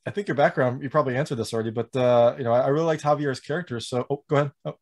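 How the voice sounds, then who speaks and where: A man conducts a casual interview, friendly and a touch hesitant as he works through his questions. He laughs readily. His voice sits at a middle pitch. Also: racing.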